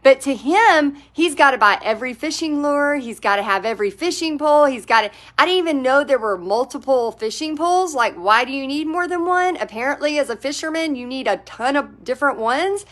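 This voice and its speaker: A woman's voice: high-pitched, lively intonation, brisk, hardly any pauses, fairly bright tone. A woman who teaches painting, hosting a live stream and talking casually to viewers in a chatty, encouraging manner.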